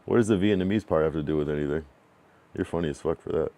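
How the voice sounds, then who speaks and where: A man from New England talks with his livestream chat in a deep, low voice. He reads the viewers' messages aloud and gives blunt, slangy feedback. He rambles casually, full of fillers and asides. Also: mellow. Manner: frank, loose, reads chat messages aloud and answers them; drawn-out slang-filled musing with many fillers.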